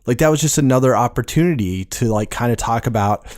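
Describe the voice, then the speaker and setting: Guy cohost on a podcast, halting and hesitant, dry close mic. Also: medium pitch, a little mellow, no room sound. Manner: hesitant, halting, many restarts and fillers. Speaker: podcast co-host. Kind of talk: casual podcast review chat.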